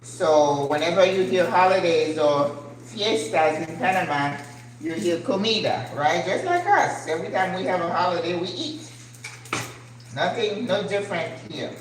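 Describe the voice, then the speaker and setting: This older woman's voice is lowish and expressive, moving at a normal speed as she cooks at home and chats for her channel. She speaks earnestly, with plenty of emotion and rhetorical questions. Her kitchen is echoey, and faint ambient noise lingers.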